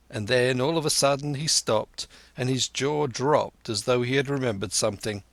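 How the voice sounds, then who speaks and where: A man's voice: mid-range voice, normal speed, vocal fry, hardly any pauses, no echo. A man narrating an audiobook in a first-person storytelling voice.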